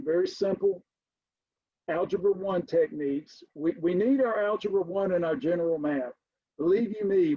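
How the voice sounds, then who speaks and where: Addressing his students as ladies and gentlemen, a middle-aged man teaching college math hammers home key points in a recorded lecture. He sounds high-pitched with a breathy edge, and the lo-fi recording has no room sound.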